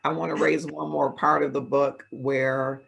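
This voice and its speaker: A man hosting an interview, asking measured questions and reading passages from the guest's book. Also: a little high, level tone, vocal fry, a bit bright, slightly rough, poor audio. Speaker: interview host.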